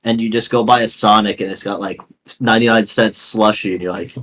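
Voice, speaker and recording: A man's voice: lowish voice, steady tone, a little fast, fairly bright tone. A young man from New England, co-hosting a podcast in casual chat, rambling and swearing, with "dude" and "like" in most sentences. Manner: rambling, swears a lot, says "dude" and "like" often. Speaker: podcast co-host.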